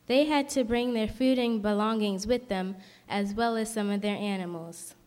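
A woman narrating a children's Christmas story in a clear, measured storytelling manner. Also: medium pitch, a little mellow. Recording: reverberant hall.

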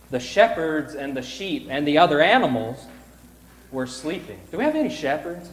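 A man's voice: a little high, normal speed. Playful man with big echoing hall reverb. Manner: playful, animated, swings between loud cries and hushed whispers. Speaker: children's pageant director. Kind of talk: reading a storybook aloud to children. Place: large church sanctuary. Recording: echoey hall reverb, faint room ambience.

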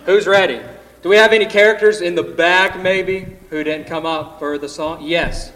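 A man directing a children's pageant in a church sanctuary, reading a storybook aloud with playful swings between loud cries and hushed whispers. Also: sits high, steady tone, normal speed, slight background noise. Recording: echoey hall reverb, faint room ambience.

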